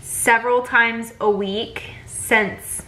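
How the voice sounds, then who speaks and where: A woman's voice: fairly high pitch, fairly even intonation, takes it slowly, pushed and bright, rough recording. A young pregnant woman, chatting casually in a vlog and retelling a bad appointment with lots of fillers. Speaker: vlogger.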